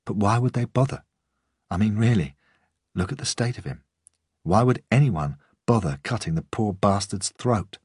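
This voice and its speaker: A man reading the part of a tough, angry female detective chief in an audiobook, in a husky voice. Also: lowish voice, lively intonation, moderate pace, darkish tone, dry recording, studio quality, voice pushed up. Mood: brusque. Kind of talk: audiobook dialogue.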